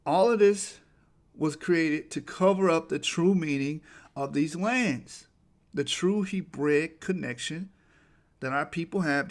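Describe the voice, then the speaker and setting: A man presenting a lecture over slides, reading quotes aloud and restarting words as he goes, his delivery rising to forceful emphatic peaks. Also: fairly high pitch.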